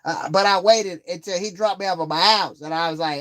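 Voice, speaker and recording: A man's voice: sits high, brisk, a bit bright. A man telling a rambling, profanity-heavy story on a live stream, getting heated as he retells a grievance. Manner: profane, rambling, swears constantly.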